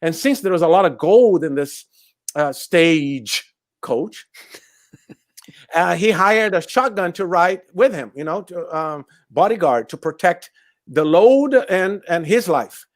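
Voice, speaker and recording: A Brazilian-accented storyteller man whose voice sits high for a man. He talks in a lively way and laughs often. The sound is dry and close, as on a video call. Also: slow, dry recording. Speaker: storyteller guest. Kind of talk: animated storytelling in a chat.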